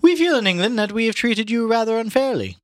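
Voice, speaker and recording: A man reading aloud and voicing a smug, chatty English gentleman in a raised, emphatic tone. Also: very high voice, fast, no echo, studio quality, voice pushed up. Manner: raised, lively, emphatic delivery.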